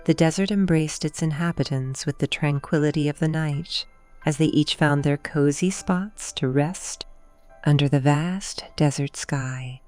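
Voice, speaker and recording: Slow, soft-spoken woman reading bedtime stories. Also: low voice, soft background music. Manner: soft and soothing, pausing for the child to answer. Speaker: bedtime story narrator. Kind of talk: gentle bedtime storytelling for toddlers.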